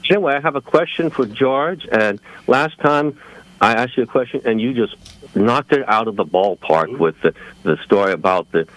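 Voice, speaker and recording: A slightly unwell man calling in to a radio show, friendly and hesitant, filling pauses with many ums and uhs. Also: medium pitch, fairly bright tone, rough recording. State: a little under the weather. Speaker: caller. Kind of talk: call-in radio conversation.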